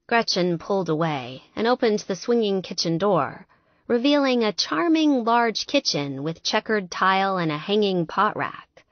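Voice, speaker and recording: A woman narrating an audiobook in a lively, expressive storytelling manner. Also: mid-range voice, unhurried, no room sound, dull audio.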